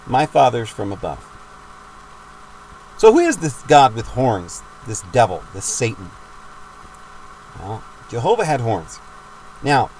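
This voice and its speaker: A man's voice: mid-range voice, a little mellow, a little hiss or hum, poor audio. A man giving a rambling, emphatic religious monologue for his videos, with frequent restarts. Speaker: video maker.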